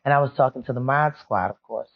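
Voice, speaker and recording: A woman's voice: very deep voice, quick pace, vocal fry. A woman guest on a podcast, telling a personal story in a rambling, confiding, emotional way. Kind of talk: candid storytelling interview. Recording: muffled lo-fi sound.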